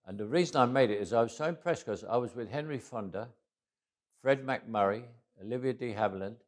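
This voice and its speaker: A man's voice: medium pitch, fairly quick. An older man with a Cockney accent, telling stories from his life in an interview, often chuckling and restarting phrases. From England. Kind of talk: reflective interview storytelling.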